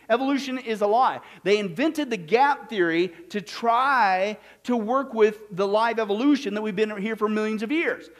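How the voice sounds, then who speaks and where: A man's voice: high-pitched, a bit bright. A man preaching a Bible study sermon, emphatic and quizzing his listeners with questions. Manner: emphatic, asks the audience questions. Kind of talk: sermon-style Bible teaching.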